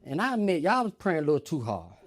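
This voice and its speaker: A stand-up comedian on stage spins an animated story, speaking straight to the crowd as "y'all." He talks quickly, his voice on the high side.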